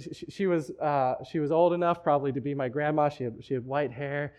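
A man's voice: a little high, fairly even intonation, brisk, hardly any pauses, a little mellow. A man preaching a sermon in a church, talking in a conversational way with frequent restarts. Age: adult, married. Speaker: pastor.

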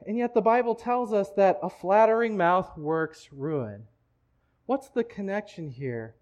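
A man's voice: high-pitched, lively intonation, unhurried, a little mellow. A man preaching a sermon in a church, talking in a conversational way with frequent restarts. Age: adult, married. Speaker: pastor.

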